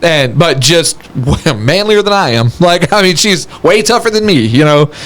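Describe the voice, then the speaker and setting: A man's voice: a little high, measured pace. A young man from Texas, co-hosting a podcast and telling funny stories in casual chat, often laughing as he talks. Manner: animated, laughs through his stories. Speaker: podcast co-host.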